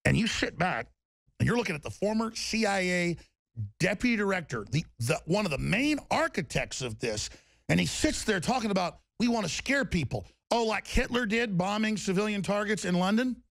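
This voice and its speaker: A man's voice: high voice, very animated, normal speed, gravelly, fairly bright tone, no echo, clean studio sound. A man delivering an angry political rant, heated and emphatic, with mocking asides. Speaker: political commentator.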